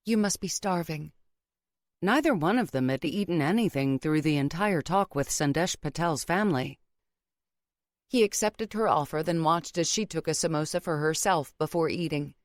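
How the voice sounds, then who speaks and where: Woman audiobook narrator, measured, lowish voice, dry close sound. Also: no room sound. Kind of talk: scripted narration.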